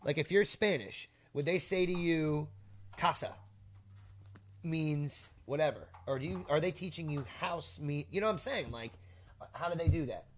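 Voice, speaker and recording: A man's voice: a little high, animated, normal speed. Rambling, profane young man chatting casually. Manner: rambling, profane, full of 'like' and restarts. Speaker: podcast host. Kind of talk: casual chat.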